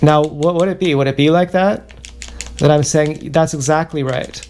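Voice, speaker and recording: A man talks through a halting, self-questioning confessional ramble, circling back over the same words again and again. His voice sits a touch high for a man and has a gravelly, fry-laden edge. Faint background noise and keyboard clicks sit under it. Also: steady tone, darkish tone. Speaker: livestreamer.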